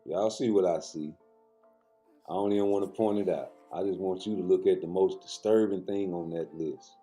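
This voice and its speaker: Deep, dark-voiced man riffing on boxing. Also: moderate pace, faint music behind. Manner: loose, joking, talks straight to viewers. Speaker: boxing commentator. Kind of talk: casual profane commentary.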